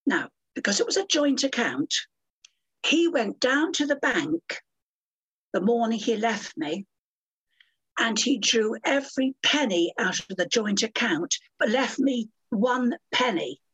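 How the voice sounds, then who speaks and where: Older woman, podcast guest; husky, animated, theatrical storyteller. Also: fairly high pitch, measured pace, rough recording. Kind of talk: storytelling interview.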